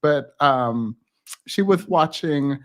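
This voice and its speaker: A man's voice: on the high side, expressive, slow, a bit bright. A man hosting a live stream from home, tired but chatty, telling a rambling story with frequent laughs. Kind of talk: casual storytelling chat.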